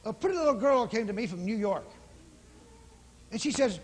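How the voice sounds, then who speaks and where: A man preaching a fervent revival sermon, calling people forward and praying over them in a husky voice. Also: high voice, very animated. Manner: fervent, shouting praise, rapid calls to come forward. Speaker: evangelist. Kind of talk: revival sermon with healing prayer. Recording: live in a large hall with long reverb.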